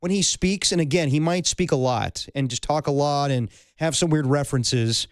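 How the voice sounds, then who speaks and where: A man co-hosting a sports radio show, chatting in a quick, opinionated and agreeable way. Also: fairly high pitch, no echo, studio quality. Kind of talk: casual sports talk.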